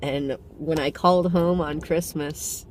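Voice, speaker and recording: A man in his thirties giving a heartfelt personal vlog reflection, pausing to count and correct himself. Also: a little high, steady tone, slight background noise. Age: 30s.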